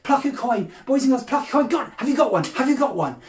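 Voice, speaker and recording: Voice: high-pitched, lively intonation, quick pace, far from the mic. A children's magician, talking straight to the boys and girls at home with big gasps and cries of surprise. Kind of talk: lively kids' magic show patter. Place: room at home during lockdown. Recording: echoey room, off-mic, faint noise.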